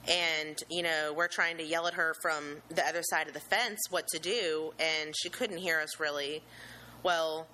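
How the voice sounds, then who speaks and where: A young woman nervously recounting a frightening event she saw, halting and earnest, with many pauses and restarts. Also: deep voice, fairly even intonation, pushed and bright, a little hiss or hum, poor audio. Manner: earnest and emotional, with religious gratitude. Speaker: eyewitness telling her story. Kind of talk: personal account, unscripted.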